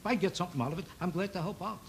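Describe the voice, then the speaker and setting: A man doing a stand-up routine on a TV variety show, needling an audience member with quick rhetorical questions. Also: high-pitched, vocal fry. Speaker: stand-up comedian. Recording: loud noise on an old TV broadcast recording.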